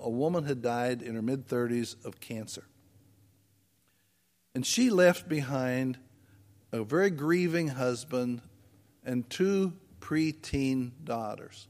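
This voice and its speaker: A man's voice: mid-range voice, animated, takes it slowly, long reverb tail. A man preaching a conversational sermon as pastor, asking the congregation rhetorical questions. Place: church sanctuary.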